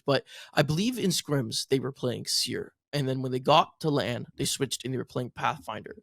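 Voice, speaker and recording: Rambling through stories, a man co-hosts a podcast and chats casually about esports; he's a content creator as well. His medium-pitched voice is a bit bright, and the recording is dry with clean studio sound.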